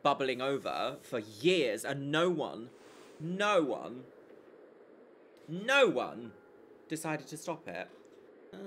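A woman's voice: deep voice, a little hiss or hum. A young woman chatting casually on a live stream, giggling and thanking her viewers as she plays.

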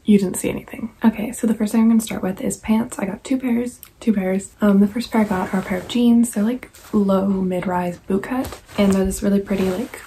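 A woman's voice: medium pitch, fairly even intonation, brisk, hardly any pauses, mellow, slightly rough, low-quality recording. A young woman vlogging at home, chatting casually to camera about clothes she bought, rambling with many "like"s and sometimes half whispering. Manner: chatty, rambling, lots of "like" and "I don't know"; partly whispering. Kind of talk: casual haul chat to camera. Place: at home, indoors.

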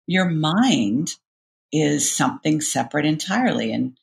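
A middle-aged woman coach with a gravelly, creaky edge to her voice explains ideas in a podcast interview. She talks with animated energy and acts out little inner voices as she goes. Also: low-pitched, measured pace. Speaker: cognitive behavioral coach, guest.

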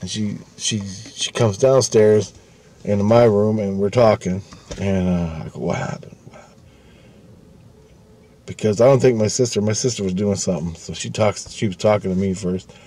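Guy rambling through a story, swears a lot, low mellow voice. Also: fairly even intonation, normal speed. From Canada. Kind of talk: casual storytelling.

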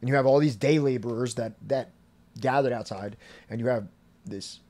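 A man's voice: mid-range voice, normal speed, mellow. A man hosting a history podcast, reading passages and then explaining them in loose, filler-heavy talk. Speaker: podcast host. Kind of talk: casual history podcast commentary.

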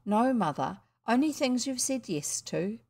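A woman voicing a mischievous, defiant schoolboy in a storybook reading, answering innocently and shouting gleefully. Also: a little high, measured pace, creaky, heavily acted. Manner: cheeky, excited shouting.

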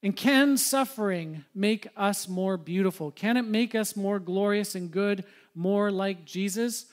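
A man's voice: high-pitched, unhurried. A man, a pastor preaching a sermon to his congregation in a church, talking in a conversational way and putting questions to the listeners. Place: church sanctuary.

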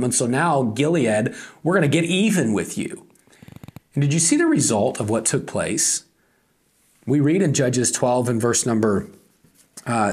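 A man's voice: mid-range voice, breathy edge. A male pastor preaching a conversational sermon, acting out quoted lines.

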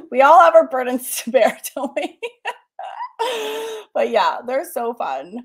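A woman's voice: sits high, sing-song, slow pace. Chatty, laughing woman hosting a livestream. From Massachusetts. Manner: chatty, laughs often, reads viewer comments aloud. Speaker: art teacher hosting a livestream. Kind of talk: casual livestream chat.

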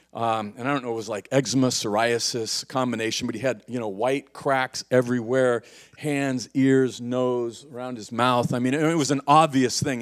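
A middle-aged male pastor preaching a sermon, telling stories in casual slang and swinging from hushed to loud. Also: medium pitch. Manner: casual slang, says "man" often.

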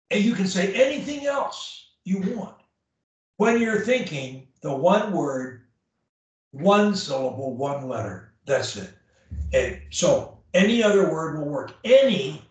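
A male speech coach talks slowly and bluntly, hammering his points home with repetition. His voice sits a bit high for a man. It sounds distant, caught in a very echoey room. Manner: blunt, emphatic, repeats key phrases. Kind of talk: one-on-one coaching session. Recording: echoey room, far from the mic.

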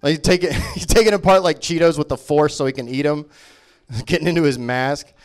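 A man doing a stand-up comedy set, profane and mocking, with quick voices for the people he makes fun of. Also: a little high. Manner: profane, animated, mocking impressions.

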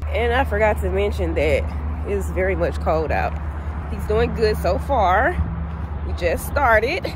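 A woman chatting casually to her vlog camera outdoors at a park while she walks her dog, ranting in slangy, animated talk. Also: medium pitch, a little slow, background noise. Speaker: family vlogger.

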